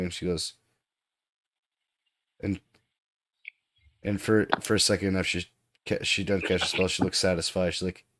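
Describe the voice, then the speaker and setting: A man narrating a tabletop game as game master, in a halting, hesitant way. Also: sits low, a bit bright, no room sound, studio quality.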